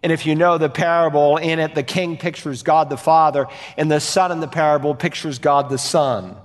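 A man preaching from the pulpit, earnest and emphatic, leaning on rhetorical questions and repetition. His voice sits fairly high for a man and carries a long reverb, as if it fills a church sanctuary. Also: steady tone, normal speed. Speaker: pastor. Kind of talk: sermon.

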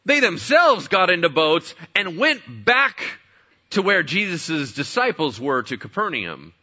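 A man's voice: fairly high pitch, bright, forceful tone, lo-fi sound. A man preaching a sermon as pastor, conversational, with rhetorical questions and playful asides.

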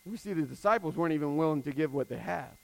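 High-voiced man preaching conversationally. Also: expressive, fast talker, gravelly, no echo, poor audio. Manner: conversational preaching with casual fillers; swings between emphatic and hushed. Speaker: pastor. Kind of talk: sermon.

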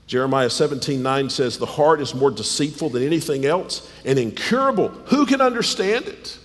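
A slightly hoarse man preaching a sermon, rising to high, emphatic stresses and dropping low and quiet. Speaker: pastor. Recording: long hall reverb.

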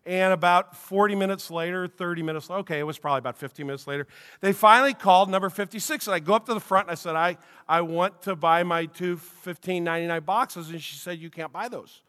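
A man's voice: high voice, fast talker, bright, forceful tone. A middle-aged man, a pastor, preaching a sermon and telling a personal story in a conversational way with frequent restarts, in a church sanctuary. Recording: long reverb of a church hall.

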